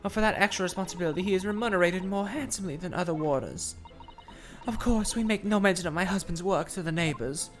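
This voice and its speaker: A lower-pitched woman talks quickly, her voice close to everyday, with faint music in the background. Reading game dialogue, she portrays a fretful, prim, overly formal middle-aged Victorian wife, anxious and genteel, using an affected accent somewhere between British and Southern belle.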